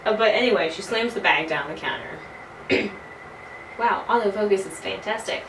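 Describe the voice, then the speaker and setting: A young woman in her early twenties tells a casual story in an animated way, with plenty of swearing. She sits back from a camera mic in an echoey room. Faint background noise runs underneath. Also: medium pitch, normal speed. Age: early 20s. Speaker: vlogger. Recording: roomy, from a distance, faint noise.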